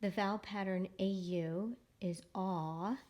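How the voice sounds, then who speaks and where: A woman teaching a phonics lesson to young children, sounding out each syllable slowly and patiently. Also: medium pitch, fairly even intonation, darkish tone.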